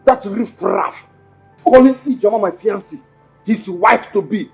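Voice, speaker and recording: A man's voice: high-pitched, unhurried, vocal fry, darkish tone, soft background music. An actor playing a bitter, possessive jilted young man with a Nigerian accent, in a film drama. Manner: defiant, insistent repeats.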